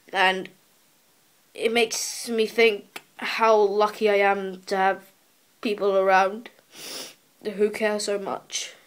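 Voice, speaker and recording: A teenage girl records a personal video diary on a handheld camera, speaking earnestly and emotionally, pleading and often pausing to restart. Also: mid-range voice, flat delivery. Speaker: vlogger.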